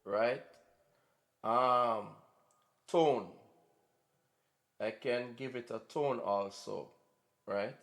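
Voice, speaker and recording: A man's voice: medium pitch, music in the background. A man giving an unscripted, casual drum kit tutorial, often checking in with "right?". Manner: slow, informal, repeats "right?" often. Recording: long reverb in a hall-like room.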